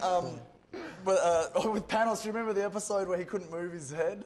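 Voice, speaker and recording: Jokey Irish panel guest. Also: male voice, sits high, moderate pace. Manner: jokey, laughing, tells stories. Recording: noisy studio background.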